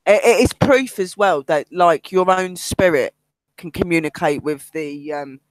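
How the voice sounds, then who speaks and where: Animated woman telling ghost stories. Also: on the low side, measured pace, no room sound. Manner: animated storytelling, acts out other people's lines. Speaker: paranormal investigator and medium. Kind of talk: casual chat on a livestream.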